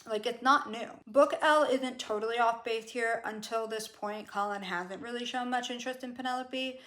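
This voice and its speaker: A woman's voice: a little high, moderate pace, a bit bright. A woman chatting casually about a book she is rereading, gushing and playful. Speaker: book vlogger. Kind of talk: casual chat.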